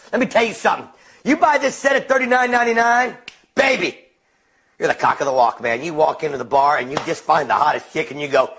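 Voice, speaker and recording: A man giving a brash, boastful, pushy sales pitch as a comic salesman. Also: fairly bright tone, slightly rough. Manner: brash, boastful, hard-selling.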